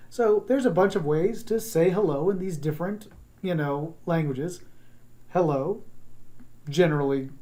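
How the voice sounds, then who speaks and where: A drama teacher from the Southern United States gives a recorded online class in a medium-pitched, mellow voice. She keeps it chatty, drifting into asides and slipping into quick accent demonstrations.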